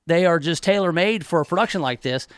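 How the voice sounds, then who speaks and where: A fairly high-voiced middle-aged man talks on a radio show in a wry, chatty way, often restarting his sentences. He is close on a dry studio microphone. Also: expressive, quick pace, clear, resonant tone, no room sound. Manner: wry, talkative, many restarts. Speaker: radio talk show host. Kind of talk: casual radio chat.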